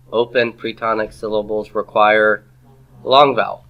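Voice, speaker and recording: A man's voice: lowish voice, flat delivery, measured pace, a bit bright, smooth, highs cut off. A man giving a classroom grammar lecture, patient, asking the class questions and repeating their answers. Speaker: Hebrew grammar teacher.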